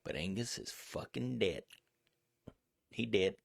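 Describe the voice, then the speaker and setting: A man co-hosting a casual chat, rambling, profane and quick to get excited. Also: on the low side, vocal fry, no echo, clean studio sound. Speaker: co-host.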